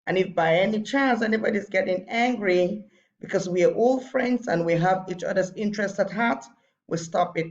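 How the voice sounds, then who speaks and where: A woman's voice: medium pitch, moderate pace, highs cut off. A woman teacher giving a recorded lesson to children, patiently repeating her points.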